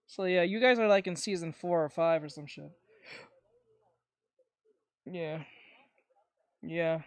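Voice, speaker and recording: A woman streamer chatting casually, rambling and swearing, with bursts of loud ranting. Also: on the low side, slow, no echo. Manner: rambling and profane, breaking into loud ranting and laughter. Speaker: streamer reacting to videos. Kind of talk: casual chat.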